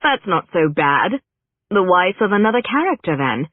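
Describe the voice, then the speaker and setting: A narrator voicing a sharp-tongued young actress woman who answers with quick, indignant retorts. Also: mid-range voice, big pitch swings, no echo. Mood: eager. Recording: narrow phone-like band, dry.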